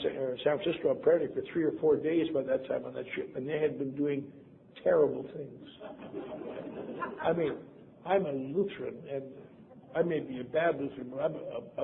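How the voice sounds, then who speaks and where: Gravelly and brisk at a medium pitch, this convention speaker is a seventies-aged man from Wisconsin who tells wry, self-mocking stories and acts out the voices he quotes. The sound comes from lo-fi tape, phone-like, with faint hiss.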